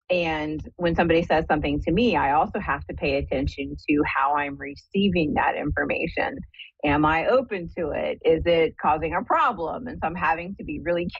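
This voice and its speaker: A woman's voice: low voice, vocal fry, husky, dry recording. A woman hosting a live call-in psychic show, chatty and upbeat, talking straight to her listeners. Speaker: medium and show host. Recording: dull dry lo-fi sound.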